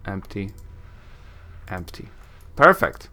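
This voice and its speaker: A man's voice: low-pitched, very animated, takes it slowly, bright, forceful tone, a little hiss or hum. A young man casually commentating a role-playing game and reading its dialogue aloud. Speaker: let's play host.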